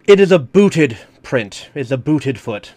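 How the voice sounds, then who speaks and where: A man's voice: mid-range voice, expressive, measured pace, darkish tone, no echo. A man running a tabletop game as game master, hesitant and improvising with many fillers.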